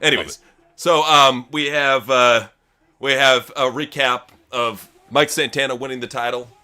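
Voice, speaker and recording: A man's voice: medium pitch, fairly even intonation, normal speed, sharp tone, clear, resonant tone. A man co-hosting a casual live reaction chat, mocking and swearing freely. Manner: crude, mocking, profane. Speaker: host.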